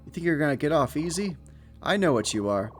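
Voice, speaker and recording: A man's voice: on the high side, big pitch swings, fairly quick, soft background music, voice pushed up. A man voicing a cruel male prison guard in a game, taunting.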